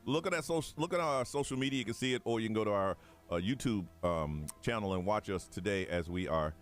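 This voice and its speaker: Animated joking male radio host. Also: on the low side, fairly quick, faint music behind. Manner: joking, laughs often, animated storytelling. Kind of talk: casual morning show banter. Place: radio studio.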